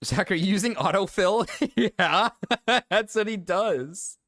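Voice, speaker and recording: A man streaming, reacting to clips with loud, incredulous outbursts and laughter. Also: sits high, slow, dry recording, clean studio sound. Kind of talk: casual reaction commentary.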